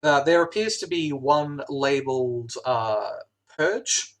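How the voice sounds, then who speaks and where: A man narrating a tabletop game as its game master, his pitch sitting in the middle range. He pauses often with "uh" and restarts his sentences as he describes the scenes. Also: animated, fairly bright tone. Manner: hesitant, many "uh" fillers.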